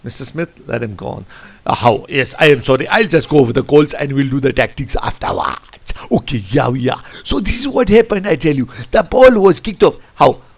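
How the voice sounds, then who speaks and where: A man coaching football, reviewing a match over a tactics board in an animated, rambling way. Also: fairly high pitch, brisk, gravelly, hardly any pauses. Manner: animated, rambling, keeps saying "I tell you". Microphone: computer mic. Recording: lo-fi screen recording.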